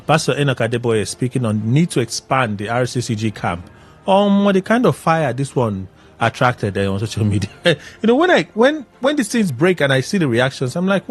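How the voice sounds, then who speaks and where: A man hosting a radio show, recapping in an animated, exclaiming way. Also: mid-range voice. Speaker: radio host. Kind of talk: casual radio commentary.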